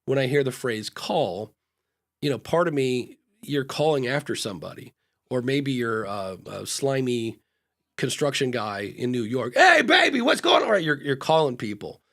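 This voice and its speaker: A man of middling pitch chats casually as co-host of a live podcast advice show. He talks frankly and loosely, with plenty of ums and restarts. He often slips into quick acted-out exchanges between himself and the people he coaches. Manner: acts out little back-and-forth dialogues in changing voices; frank, loose talk with frequent fillers and restarts.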